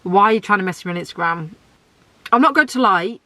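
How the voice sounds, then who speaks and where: A woman's voice: animated, fast talker, sharp tone, no echo. A woman, hosting a solo podcast in a blunt, outspoken, ranting way. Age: 20s. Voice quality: deep voice. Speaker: podcast host.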